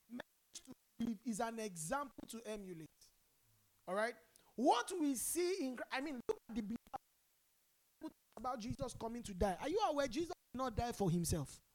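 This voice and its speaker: A Nigerian woman preaching a sermon, calling on the congregation to respond and swinging between loud emphasis and quiet asides. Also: a little high. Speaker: pastor.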